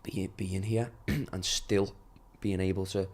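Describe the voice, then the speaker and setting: A young man with a Liverpool accent speaks in a slightly low register. He talks earnestly and casually as a podcast guest, often breaking into laughter. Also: steady tone, slow. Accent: Liverpool (Scouse). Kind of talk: casual conversation.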